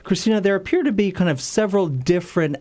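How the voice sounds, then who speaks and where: A man's voice: sits high, animated, quick pace, darkish tone. A man hosting a political talk radio show, upbeat and chatty as he introduces his guest.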